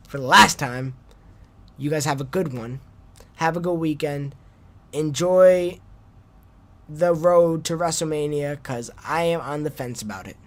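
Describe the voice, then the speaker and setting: With a slightly high, fairly bright voice at a moderate pace, a young man hosts his solo wrestling podcast. He wanders casually through topics, teases himself about his awkward sign-offs, and often trails off into restarts.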